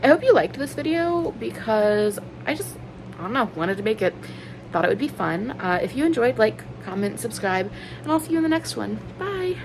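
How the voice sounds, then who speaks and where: A woman's voice: on the high side, very animated, moderate pace, background noise. A woman in her thirties chatting casually on her book vlog, rambling earnestly with lots of "like" and "um". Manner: rambling, filler-heavy, with many likes and ums; earnest and openly emotional. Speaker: book vlogger.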